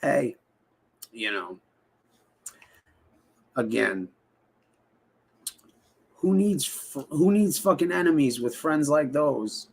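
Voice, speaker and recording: A man's voice: fairly high pitch, lively intonation, slow, vocal fry, long pauses, husky. A man hosting a casual livestream, rambling and swearing as he talks straight to his chat. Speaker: livestream host.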